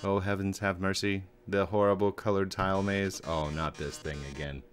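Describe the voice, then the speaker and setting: A man's voice: sits low, little pitch movement, normal speed, soft background music, lightly acted. A man voicing a flamboyant, theatrical male robot TV star, speaking melodramatically and gloating, calling the listener darling. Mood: melodramatic. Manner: melodramatic, mock-grieving, gloating.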